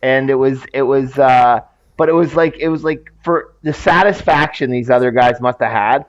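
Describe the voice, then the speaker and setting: A man co-hosting a podcast in casual chat, chatty with quick jokes and frequent "like". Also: medium pitch, no room sound, muffled recording. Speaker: podcast co-host.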